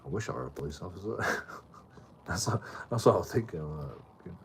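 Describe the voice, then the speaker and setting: A man's voice: low voice, lively intonation, a little fast, noisy background. A man in his late thirties from Bradford with a Yorkshire accent, telling a rambling, swear-filled story to his live chat and often repeating himself. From Bradford, England. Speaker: live streamer.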